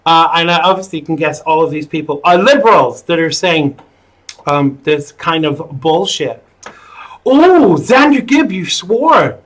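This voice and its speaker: A man's voice: on the high side, moderate pace, a bit bright, low-quality recording. An American man in his thirties hosting a live call-in political talk show, opinionated and full of "uh" fillers. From United States. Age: 30s. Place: home studio in the UK.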